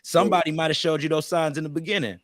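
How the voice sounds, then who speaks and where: A man's voice: on the high side, steady tone, fast, dry recording, clean studio sound. Emphatic man preaching his view. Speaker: podcast co-host. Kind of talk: casual panel discussion.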